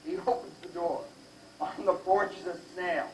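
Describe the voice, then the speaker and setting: An older male comedian with a high-pitched voice tells stand-up jokes in a brash, needling way. He is recorded from far off in a large, echoing live venue, with a faint hum of room noise behind him. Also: steady tone, moderate pace. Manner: brash, teasing the audience. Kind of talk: stand-up joke telling. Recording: echoey live hall from far off.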